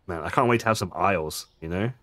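A man's voice: low voice, quick pace, fairly bright tone. A man casually commenting on his gameplay, chatty and jokey, swearing now and then and making asides to his viewers. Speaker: gaming streamer.

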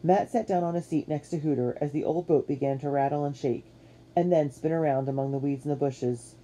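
Woman with a very dark, mellow voice. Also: deep voice. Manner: measured, expressive reading. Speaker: audiobook narrator. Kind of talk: storybook narration.

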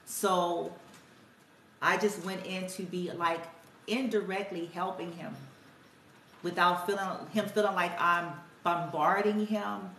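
A woman's voice: on the low side, steady tone, slow pace, fairly bright tone, distant mic, slight background noise. A woman telling a reflective, conversational story about her parenting, quoting her son and herself as she goes. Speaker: spiritual healer and parent vlogger. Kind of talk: casual storytelling monologue. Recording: echoey room, somewhat off-mic, faint ambience.

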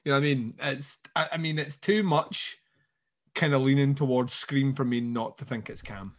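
A man co-hosting a podcast, joking and agreeing in casual chat about a horror series. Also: mid-range voice. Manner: quick agreeing interjections, joking asides. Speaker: podcast co-host.

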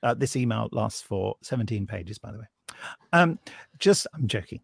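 A man's voice: fairly low pitch, lively intonation, moderate pace, gravelly, slightly rough, no echo, clean studio sound. A man hosting a podcast, reading listener emails aloud in casual chat and breaking off with wry jokes. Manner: wry, joking asides while reading. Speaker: podcast host.

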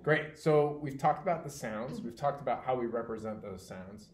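A man works one-on-one with a reader, calm and patient and quick with praise. His voice sits mid-range and carries a roomy echo, with a faint hum of ambience behind it. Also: mid-range voice. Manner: patient, encouraging, steady praise. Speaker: teacher. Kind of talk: one-on-one reading tutoring.

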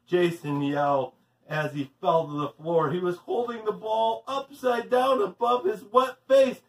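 A man, a physical education teacher, reading a children's story aloud in an animated way. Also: sits high, a little slow. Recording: roomy, distant mic.

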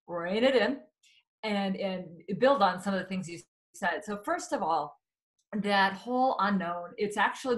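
A woman's voice: mid-range voice, a bit bright, low-quality recording. Earnest woman explaining anxiety. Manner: earnest, explanatory, self-correcting. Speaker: anxiety expert guest. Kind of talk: webinar conversation.

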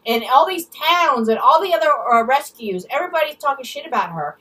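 A woman's voice: sits high, expressive, a little fast, bright, forceful tone, distant mic, rough recording. A woman ranting angrily and bluntly in a storytime vlog, swearing freely and mimicking other people's words. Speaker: vlogger.

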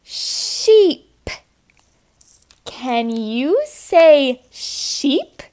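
Very slowly and with big swings in her high voice, a young woman teaches toddlers words during story time. She sings out each word letter by letter and encourages the little ones to say it back.

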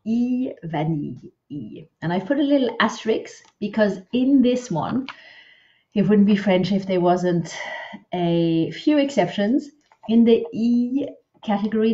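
A woman teaching French pronunciation speaks at an unhurried, deliberate pace in a low, mellow voice. She patiently models each word and repeats it, slipping in chatty asides between examples. The laptop recording sounds a little dull and lo-fi. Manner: patient, models words slowly and repeats them. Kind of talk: online pronunciation lesson.

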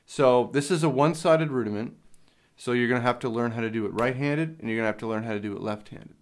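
A man's voice: medium pitch, fast. A young man teaching a drum lesson, explaining each step plainly, with some fillers along the way. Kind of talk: instructional lesson. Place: drum studio. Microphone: handheld field recorder.

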